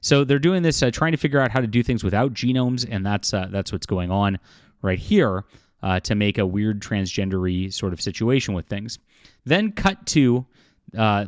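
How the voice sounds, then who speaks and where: Man, commentary vlog, low voice, halting with many fillers, derisive chuckles, dry close sound. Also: no room sound. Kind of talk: casual opinion commentary.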